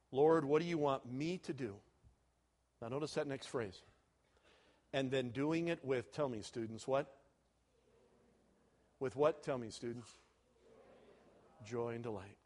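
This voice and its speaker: A man preaching a sermon to students, animated, moving between loud and soft and chuckling at his own jokes. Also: medium pitch.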